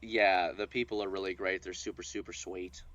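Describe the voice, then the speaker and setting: A man's voice: low voice, steady tone, moderate pace, a bit bright, no room sound, lo-fi sound. A man co-hosting a podcast in casual chat, rambling and joking with plenty of restarts. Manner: rambling, restarts often, jokey. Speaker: podcast co-host.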